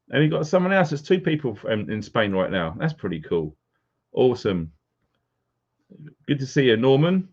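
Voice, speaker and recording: A man's voice: on the low side, big pitch swings, moderate pace, pauses often, darkish tone. A man hosting a live stream, casually greeting viewers by name as they join. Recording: dull lo-fi sound.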